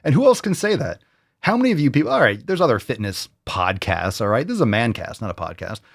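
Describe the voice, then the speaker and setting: A man's voice: medium pitch, big pitch swings, fast talker, gravelly, no room sound, studio quality. A man hosting a fitness podcast, talking bluntly with plenty of swearing and a mock-salesy streak. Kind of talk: casual podcast monologue.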